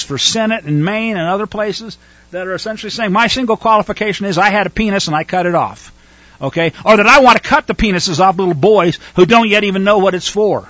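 A man's voice: high voice, fairly bright tone, slightly rough, no echo, highs cut off. A man preaching a sermon in a scolding, sarcastic manner with mocking asides.

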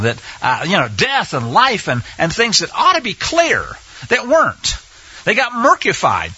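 Guy teaching scripture, really bright voice, swoops up and down a lot, kinda dull lo-fi sound. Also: high-pitched, husky. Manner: emphatic, repeats phrases for emphasis, speaks directly to the audience. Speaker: Bible teacher.

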